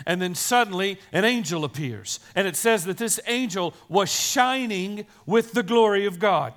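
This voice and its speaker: Speaking at normal speed with few pauses, this male pastor has a high, animated, slightly bright voice. He tells his sermon like a conversational story, tossing in "right?" to check on listeners and addressing the kids present.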